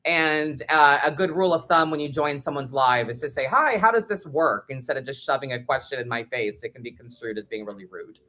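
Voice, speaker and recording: A woman's voice: very deep voice, fairly quick, hardly any pauses, a bit bright. A woman hosting a live tarot stream, chatting casually and bluntly with viewers and swearing freely. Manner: blunt and sweary, talks straight to the chat.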